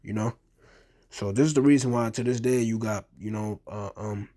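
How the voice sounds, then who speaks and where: Low-voiced man reading scripture and commenting. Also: moderate pace, dark tone. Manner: reads King James verses then explains in loose everyday talk; hesitant, many ums and restarts. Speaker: bible teacher.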